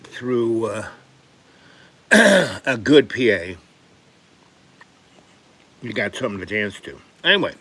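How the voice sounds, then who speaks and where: An older man from New York City rambles through personal stories on his live stream. His voice sits a little low, and he keeps stopping to clear his throat and cough. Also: big pitch swings, slow, pauses often, pushed and bright. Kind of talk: rambling storytelling.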